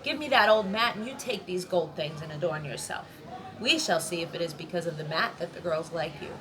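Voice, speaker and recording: A woman's voice: lowish voice, brisk, noisy background, close to an everyday voice. Storybook leopard, male, jealous and demanding; woman reader does him. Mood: bossy. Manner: bossy and demanding.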